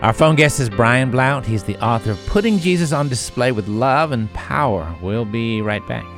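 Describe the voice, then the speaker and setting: A man hosting a radio talk show, prompting and summarizing his guest and briskly wrapping up the segment. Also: mid-range voice, lively intonation, music in the background. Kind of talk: radio interview.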